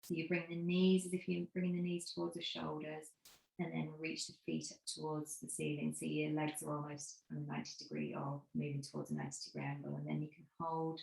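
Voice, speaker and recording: A woman yoga teacher giving slow, soothing cues and breathing prompts as she guides a cool-down over a video call. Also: sits low, creaky, slight background noise. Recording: echoey room.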